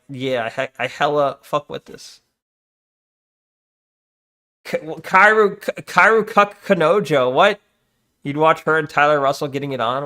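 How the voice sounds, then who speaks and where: A man's voice: a little high, a bit bright. A young man streaming, chatting casually and rambling with a profane, joking manner as he reads his chat.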